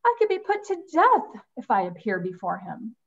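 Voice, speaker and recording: A woman reading a scripture story aloud in a measured way, giving voice to quotes. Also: on the high side, huge pitch swings, dull audio.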